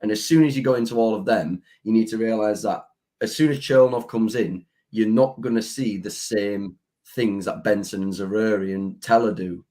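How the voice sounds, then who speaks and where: A man's voice: lowish voice, dark tone. A man co-hosting a football podcast, analysing players in a talkative way, breaking off and restarting. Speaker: podcast co-host. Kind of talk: casual football chat.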